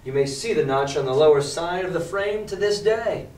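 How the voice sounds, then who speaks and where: Teacher with an echoey, distant voice. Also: male voice, on the high side, expressive, normal speed, a little mellow. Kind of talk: reading aloud and explaining to a class. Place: classroom. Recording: echoey classroom from far off.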